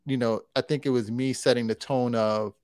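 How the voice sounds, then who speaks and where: A man talking casually as a photographer guest in an interview, relaxed and rambling, with lots of fillers and restarts. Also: medium pitch, normal speed, clear, resonant tone, dry recording, clean studio sound.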